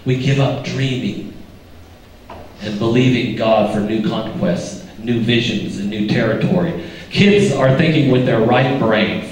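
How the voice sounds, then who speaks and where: Older pastor in a booming church. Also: male voice, a little hiss or hum. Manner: folksy, joking, quizzes the congregation. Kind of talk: sermon. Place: church sanctuary. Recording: echoey church from a distance.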